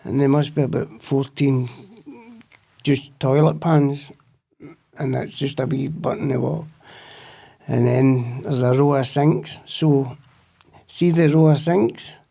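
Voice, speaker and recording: In a laid-back interview, a Scottish guest rambles through anecdotes and swears freely. His mid-range voice is gravelly and dark, with a slow, steady delivery broken by long pauses.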